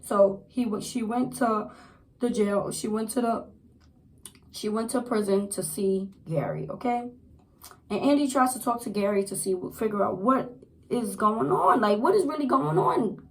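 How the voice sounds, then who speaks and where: A young woman casually recapping a TV episode, chatty and animated, repeating herself as she goes. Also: medium pitch, a little slow, poor audio. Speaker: TV show reviewer.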